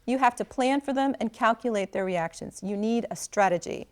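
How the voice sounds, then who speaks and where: A woman's voice: on the high side, moderate pace, close to an everyday voice. A woman reading the lines of a cocky, teasing young male staffer who coaches a student with bossy confidence. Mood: coaxing.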